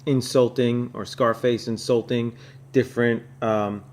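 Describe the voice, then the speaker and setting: A man's voice: medium pitch, little pitch movement, unhurried, a little mellow. A man from North Carolina hosting a comic podcast, reviewing an old issue in a rambling, casual way with lots of fillers. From North Carolina, USA. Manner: rambling, filler-heavy, chuckling asides. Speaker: podcast host.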